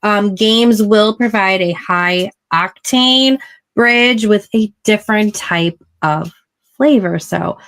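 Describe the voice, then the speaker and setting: A woman hosting a casual chat show, explaining things in a measured way. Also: mid-range voice, fairly bright tone. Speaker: podcast host.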